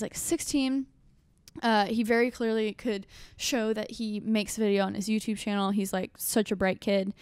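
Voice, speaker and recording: A young adult woman hosting a podcast, talking in an animated, rambling way full of fillers and restarts. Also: mid-range voice, clean tone, no echo. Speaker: podcast host. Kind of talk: casual chat.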